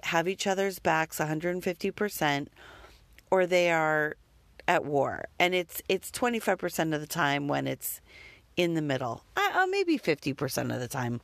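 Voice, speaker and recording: Woman, lowish voice, rambling candid monologue, self-critical, occasional swearing, dry close sound. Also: no room sound. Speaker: parent.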